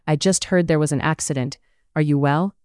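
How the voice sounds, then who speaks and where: A saccharine society lady, gushing and eager to please, as an audiobook narrator puts her on. The voice stays smooth and clear in a close, dry recording. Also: medium pitch, moderate pace, darkish tone, no echo, close to an everyday voice. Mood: fawning. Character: saccharine, fawning young lady. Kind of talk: audiobook character reading.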